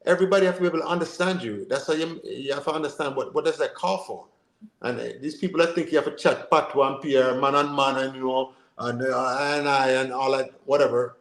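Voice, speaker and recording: A man, co-hosting a casual football podcast in an animated, rambling way. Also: mid-range voice, fast talker. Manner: animated, rambling, full of fillers and asides. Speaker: podcast co-host. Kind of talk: casual chat. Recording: roomy echo.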